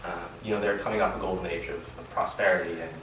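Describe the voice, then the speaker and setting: Low-voiced man rambling in an echoey room. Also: flat delivery, fast talker, a bit bright. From Reno, Nevada, US. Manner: rambling, full of "you know" and "like". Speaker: fellowship speaker. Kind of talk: casual sermon talk. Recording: echoey room, distant mic, background noise.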